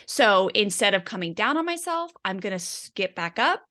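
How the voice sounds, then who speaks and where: A woman's voice: medium pitch, sing-song, normal speed, sharp tone. A woman parenting coach in a casual interview, chatty and full of "like" fillers, acting out her own inner voice.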